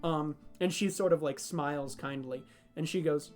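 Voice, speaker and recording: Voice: mid-range voice, normal speed, faint music behind. A game master narrating a homebrew tabletop game in a rambling, hesitant way, full of fillers and restarts.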